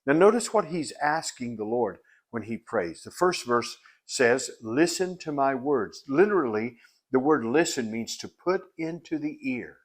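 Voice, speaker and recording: A man's voice: medium pitch, animated, measured pace. A man teaching a Bible lesson in an earnest, explanatory way. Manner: earnest and explanatory, with frequent restarts and fillers.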